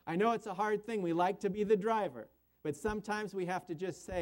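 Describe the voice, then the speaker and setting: A man's voice: high-pitched, brisk. A male pastor preaching an earnest sermon, acting out prayers and quotes in changing voices.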